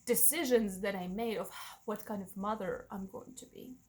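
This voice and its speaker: A woman's voice: medium pitch, normal speed, a little mellow, low-quality recording. A woman frankly telling a personal story on her vlog, emotional and open, often restarting her sentences and acting out what others said to her. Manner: emotional and frank, with many restarts and self-corrections; acts out other people in quoted asides. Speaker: vlogger sharing a personal story.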